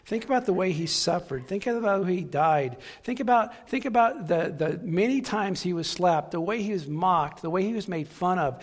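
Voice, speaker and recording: A man's voice: high voice, big-room sound. A man preaching a sermon with passion, repeating key phrases for emphasis. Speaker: pastor.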